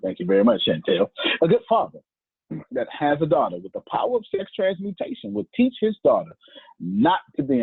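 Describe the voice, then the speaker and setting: A man teaching in a preaching style, repeating key phrases slowly for emphasis. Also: mid-range voice, breathy edge, no room sound. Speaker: teacher leading an online class. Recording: tinny phone-like line.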